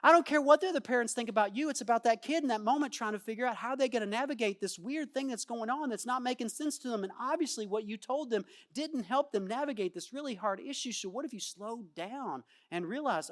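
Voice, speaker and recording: A man preaching a sermon in a church. He acts out quoted voices and swings from loud outbursts to quiet asides. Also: extremely high pitch, fast, few pauses. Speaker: pastor.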